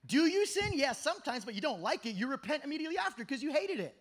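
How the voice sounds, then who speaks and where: A man in his thirties preaching an energetic youth sermon at a camp meeting, telling stories that swing from shouting to hushed. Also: extremely high pitch, fast. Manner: animated storytelling, shifts from shouting to hushed.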